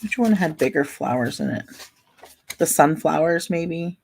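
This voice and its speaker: A woman vlogger chatting in a relaxed, meandering way, thinking aloud while she colors. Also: low-pitched, a little slow, creaky, slight background noise, rough recording.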